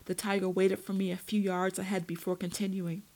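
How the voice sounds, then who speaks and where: A woman's voice: medium pitch, level tone, brisk, a little mellow, poor audio. Woman narrating a first-person audiobook.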